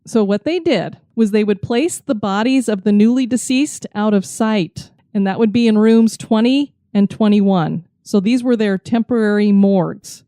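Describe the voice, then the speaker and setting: A woman co-hosting a podcast, telling a story in a lively way into a close mic. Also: medium pitch, moderate pace, few pauses, no echo. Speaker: podcast co-host.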